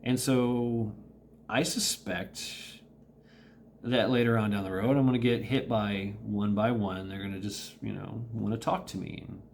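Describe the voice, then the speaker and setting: A man's voice: lowish voice, steady tone, unhurried, gravelly, darkish tone, a little hiss or hum. A middle-aged man talking through a casual monologue vlog, rambling and repeating himself, with small laughs. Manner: rambling, repetitive, with laughs and mimicked quotes. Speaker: vlogger.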